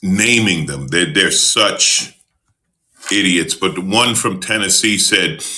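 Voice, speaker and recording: Forceful low-voiced man ranting. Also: slow. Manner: profane, repeats words in outbursts. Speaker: host. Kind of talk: heated political rant.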